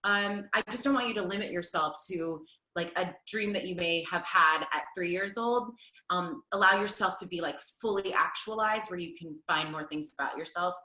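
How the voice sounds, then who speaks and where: A woman in her thirties, a stage performer, answering interview questions in an animated, chatty way with lots of fillers. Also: fairly low pitch, normal speed, reverberant, poor audio. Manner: animated, laughs often, many fillers. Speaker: Broadway performer, guest.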